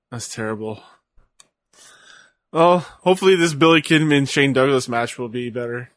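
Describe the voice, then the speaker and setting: A man's voice: medium pitch, fairly bright tone, dry recording. A man chatting casually while watching wrestling and making dry joking comments. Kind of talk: casual chat.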